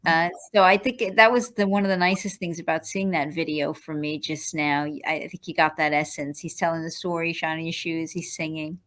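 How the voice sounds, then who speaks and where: A woman's voice: low voice, steady tone, brisk, few pauses, a bit bright. Woman co-hosting a podcast interview. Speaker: podcast co-host. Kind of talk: casual interview chat.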